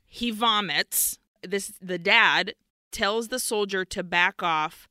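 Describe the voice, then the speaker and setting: A woman's voice: medium pitch, slow pace, bright, forceful tone, no echo, studio quality. A woman co-hosting a podcast, retelling a film scene by scene in a candid, casual way. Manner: candid, retelling scenes in detail with nervous laughs. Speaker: podcast co-host. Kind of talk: casual movie recap chat.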